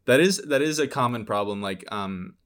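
A man co-hosting a casual podcast, laughing easily and pausing on ums and restarts. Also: mid-range voice, lively intonation, a bit bright. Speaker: podcast co-host.

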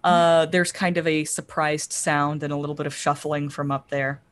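A woman narrating a tabletop game as game master, describing scenes slowly with many ums and uhs. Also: low-pitched, level tone.

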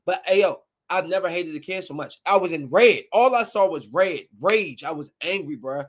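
A woman's voice: fairly low pitch, normal speed. Fiery woman ranting in slang. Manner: fiery, slangy, emphatic rant. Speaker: parent telling a story. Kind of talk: heated personal storytelling to viewers.

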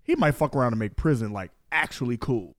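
A man's voice: mid-range voice, expressive, quick pace. A young man from Chicago trash-talking in casual podcast banter, boastful and heated, repeating himself.

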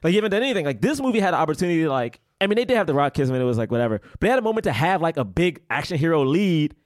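A man co-hosting a casual movie review chat, animated, acting out lines from the film. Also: racing, dry recording, clean studio sound. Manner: animated, acts out movie lines in high voices. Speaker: podcast co-host.

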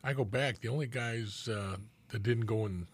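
A man's voice: medium pitch, normal speed, breathy edge. An older man, a former police officer from Los Angeles, telling street stories in a laid-back, casual chat and swearing freely. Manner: laid-back, swears freely, acts out old friends' voices. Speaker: retired police officer, guest.

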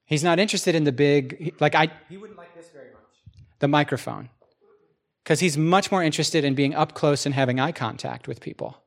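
A man preaching a sermon in a church, his voice sitting a little high for a man. He talks to the congregation like a conversation, asks them questions and acts out the people in his stories. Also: fairly quick, gravelly.

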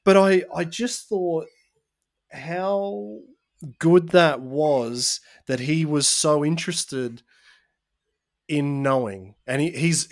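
A man with an ordinary mid-range voice tells a story in relaxed podcast chat. He brightens and gets livelier whenever he quotes what someone else said. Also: medium pitch. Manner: storytelling, animated when quoting others. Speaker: podcast co-host.

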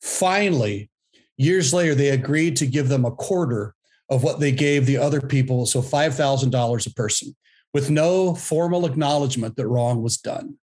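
A man in his fifties, a guest in a panel discussion, thinking aloud in a reflective way with pauses and restarts. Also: medium pitch, a little mellow.

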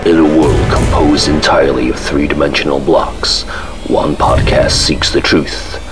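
A man voicing a deep, dramatic movie-trailer narrator for a podcast intro, booming and slow, with loud music underneath. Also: level tone. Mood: ominous. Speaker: listener-made podcast intro.

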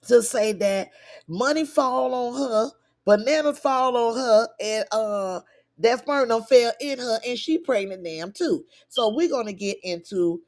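A woman's voice: fairly high pitch, a little mellow. A woman hosting a gossip podcast, reading out text messages with laughing, incredulous asides in casual commentary. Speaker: podcast host.

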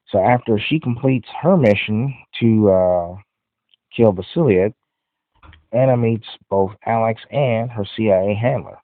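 A man's voice: lowish voice, dry recording. A man hosting a podcast, giving a casual, rambling movie review full of "you know" fillers. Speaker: podcast host. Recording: dry, phone-like audio.

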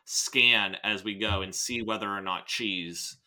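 An American man co-hosting a podcast, chatting and reading a story aloud in an animated way, often repeating himself. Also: lowish voice, a little slow. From United States. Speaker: podcast co-host. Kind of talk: casual chat and reading aloud.

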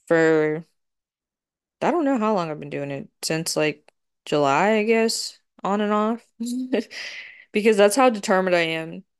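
A woman's voice: fairly low pitch, smooth. A woman hosting a podcast, telling a story in a chatty way, swearing freely and acting out her own quotes. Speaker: podcast host. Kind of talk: casual storytelling monologue.

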